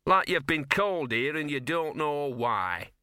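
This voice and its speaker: A man's voice: on the high side, sing-song, unhurried, pushed and bright, clear, resonant tone, no room sound, clean studio sound, pitched above the performer's own voice, exaggerated voice. A man voicing a scruffy, sardonic male talking dog who grumbles in slangy street talk. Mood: wry.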